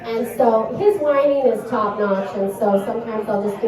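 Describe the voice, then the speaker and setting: A woman delivers a rambling, self-deprecating stand-up set in a slightly high voice. She sounds far from the microphone, and the small club around her rings with a heavy echo. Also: normal speed, few pauses, crowd noise. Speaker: comedian. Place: small comedy club stage. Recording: echoey club heard from a distance.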